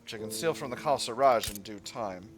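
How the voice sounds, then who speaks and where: A man's voice: lowish voice, expressive, a little fast. A man hosting a gaming channel, musing and rambling with fillers as he comments on a strategy game.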